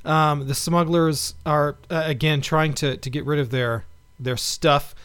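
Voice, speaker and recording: A man co-hosting a podcast in casual chat, talking in a halting way with many pauses. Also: a little high, steady tone, fairly bright tone, smooth, no echo. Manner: halting, many fillers and restarts. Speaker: podcast co-host.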